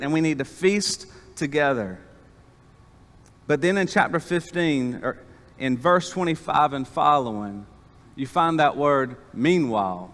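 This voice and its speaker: A man preaching an animated sermon as pastor, calling on the congregation to respond. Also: a little high, measured pace. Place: church sanctuary. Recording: long church reverb.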